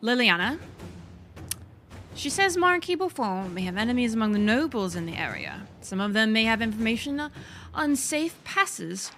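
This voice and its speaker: A woman's voice: on the high side, very animated, normal speed, a bit bright, soft background music. A woman streaming a video game, chatting casually as she thinks aloud, laughing and swearing often. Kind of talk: casual gameplay commentary.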